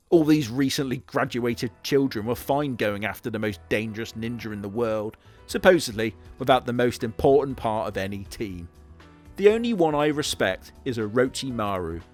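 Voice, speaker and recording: A man hosting a comedic rant, sarcastic and profane, with a mock-exasperated delivery. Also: mid-range voice. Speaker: host.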